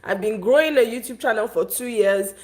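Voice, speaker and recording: A woman's voice: fairly high pitch, brisk, darkish tone. A young woman vlogging on a live stream, tearful and upset, venting in casual rambling chat.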